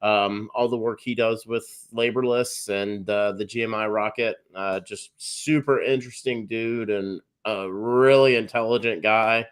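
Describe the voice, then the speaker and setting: Relaxed male stream host, lowish voice, filler-heavy delivery. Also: unhurried, hardly any pauses, clean tone. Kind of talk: hosting a live stream.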